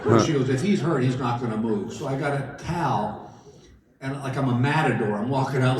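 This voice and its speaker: A man's voice: medium pitch, fast talker, a crowd in the background, background noise. A middle-aged man telling folksy stand-up stories on a casino stage, acting out both sides of each conversation. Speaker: stand-up comedian. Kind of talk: stand-up storytelling. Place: large casino theater stage. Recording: roomy live hall from far off. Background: audience laughter.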